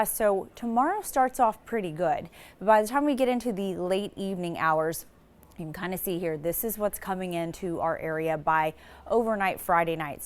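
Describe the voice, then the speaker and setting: A woman's voice: mid-range voice, smooth. A woman meteorologist giving a live TV weather forecast in a casual, rambling way, starting many sentences with "so" and restarting a few phrases.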